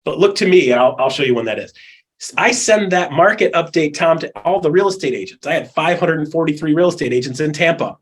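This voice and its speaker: High husky-voiced man coaching with animated energy. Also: fast talker. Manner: animated, acts out quoted people and calls. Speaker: real estate recruiting coach. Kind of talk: energetic coaching talk in an interview.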